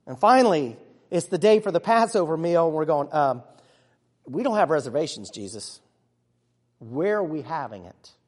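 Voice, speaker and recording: A man playing an earnest, excitable disciple who tells his own story in a church monologue, chatty with sudden hushes and bursts. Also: a little high, normal speed. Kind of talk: first-person dramatic monologue. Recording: long reverb of a large hall.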